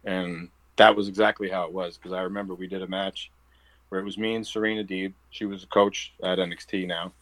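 A man's voice: deep voice, fairly quick, dry recording, low-quality recording. A man with a New Jersey accent, a professional wrestler chatting as an interview guest and acting out quoted dialogue. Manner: animated storyteller who acts out quoted dialogue. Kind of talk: casual interview chat.

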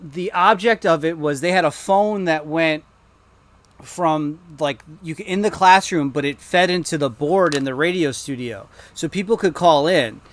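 A man in his thirties, talking in a loose, animated, self-mocking way, full of "like" and restarts. His voice sits a little higher than most men's. He spins the story casually for his co-hosts. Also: normal speed. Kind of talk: casual chat.

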